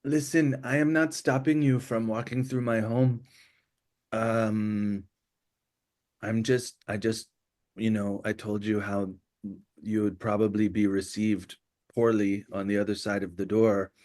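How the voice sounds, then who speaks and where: A man's voice: lowish voice, level tone, measured pace, darkish tone, lightly acted. A man voicing a timid, friendly female kobold who talks in a nervous, hesitant, polite way during a tabletop game. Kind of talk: tabletop role-play voice.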